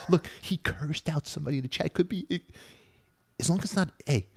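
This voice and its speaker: A man hosting a casual live-stream talk show, excitable and teasing, often repeating himself. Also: a little high, fairly quick, gravelly, breathy edge.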